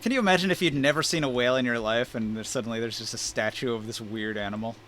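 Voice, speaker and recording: A man's voice: medium pitch, fast talker, a bit bright, slight background noise. A man running a tabletop game over voice chat, narrating in an easygoing, joking way. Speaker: game master.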